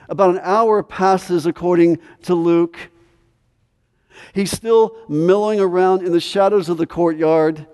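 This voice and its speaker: A man preaching an expository sermon, pressing his points with emphasis and then dropping to a quiet, intense delivery. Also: a little high, clean tone. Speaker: pastor. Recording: long hall reverb.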